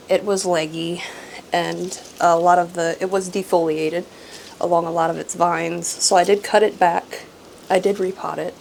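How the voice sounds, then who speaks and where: A woman's voice: on the low side, a little mellow, slight background noise, low-quality recording. A woman hosting a casual houseplant vlog, chatty and self-deprecating, laughing often and trailing off with ums. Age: adult with grown daughter. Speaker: houseplant channel host. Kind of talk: casual show-and-tell vlog.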